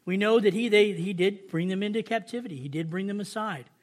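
Southern male preacher with a high voice, slow emphatic scripture reading, easy asides to his congregation. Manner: reads scripture slowly and emphatically, then chats with the congregation. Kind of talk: sermon.

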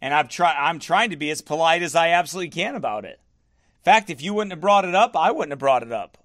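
A man's voice: a little high, expressive, fast, fairly bright tone. A man pastoring a livestream, firmly answering viewer comments and repeating himself for emphasis. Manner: firm, defensive, repeats himself.

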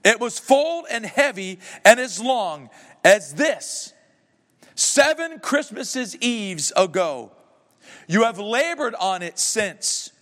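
A man's voice: high voice, big pitch swings, slow pace, fairly bright tone, pitched above the performer's own voice, full character voice. Guy reading as a sad old chained ghost, solemn and dramatic, big echoey hall. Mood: mournful.

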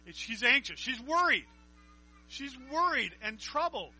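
Guy preaching a bible study, high bright voice, chatty, reads verses out loud. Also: big pitch swings, unhurried, husky, faint music behind, poor audio. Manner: conversational, with questions to listeners; reads scripture aloud. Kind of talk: sermon, Bible teaching.

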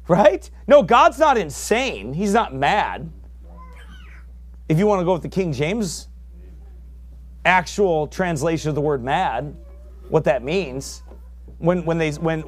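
Fiery preacher man, higher voice. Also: lively intonation, slow, long pauses. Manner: fiery, rising to shouts. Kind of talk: sermon.

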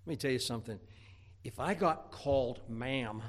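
A man's voice: medium pitch, animated, moderate pace, fairly bright tone. A male pastor preaching a sermon, telling folksy stories and breaking into emphatic outbursts.

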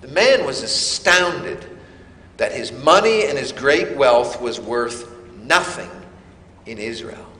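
A man preaching a sermon, slow and emphatic with dramatic pauses. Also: medium pitch, animated, pushed and bright, echoey room, big-room sound. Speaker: pastor.

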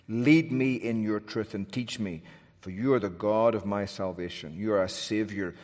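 A man's voice: fairly low pitch, fairly even intonation, normal speed, a little mellow. A man preaching a sermon in an earnest, emphatic way, with restarts and asides. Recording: long hall reverb.

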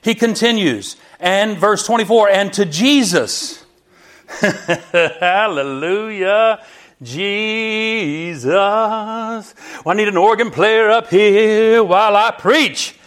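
A man's voice: high-pitched, slow, fairly bright tone. A man preaching a sermon as pastor, exuberant, with frequent hallelujahs and calls to the congregation.

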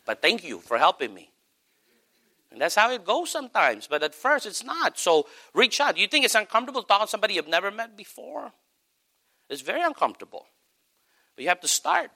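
A man's voice: high voice, very animated, fast talker, vocal fry, sharp tone. A middle-aged male pastor preaching a sermon, stressing points with emphatic repetition.

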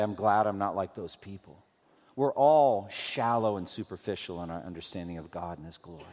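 Pastor, male, low-voiced, earnest sermon delivery with long church reverb. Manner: earnest, swells loud on scripture then drops to hushed appeals. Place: church sanctuary.

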